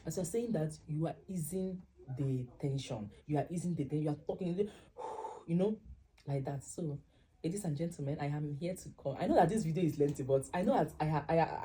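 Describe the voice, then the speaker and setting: A young Nigerian-accented woman tells a story straight to her viewers, slipping into the voices of the people she quotes. Her voice sits low and sounds warm and mellow, never sharp. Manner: animated, acts out dialogue in quoted voices. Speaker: vlogger. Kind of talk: casual storytelling to camera.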